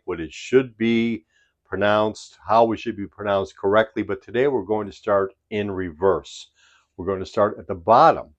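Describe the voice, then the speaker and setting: A man with a Chicago accent teaches an English vocabulary lesson at a very slow pace. His voice sits fairly low, and he lingers on each word, spelling out its sounds deliberately. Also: dull audio. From United States. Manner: slow, deliberate, stresses words one by one.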